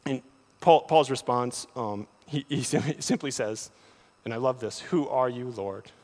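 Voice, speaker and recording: A man preaching a sermon, often repeating words as he starts a thought, with animated delivery. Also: medium pitch, measured pace. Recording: long hall reverb.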